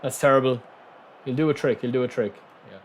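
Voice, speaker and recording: A man streaming a football video game live, thanking viewers and shouting excitedly at his players. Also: medium pitch, a little fast, slight background noise. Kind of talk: live gaming commentary.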